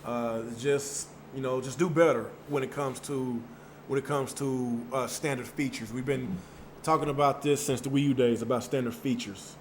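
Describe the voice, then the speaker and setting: A man hosting a gaming channel reads viewer chat in a mid-range, fairly even voice at normal speed, with slight background noise. His casual live-stream talk is loose and emphatic, with repeated words and mild cursing.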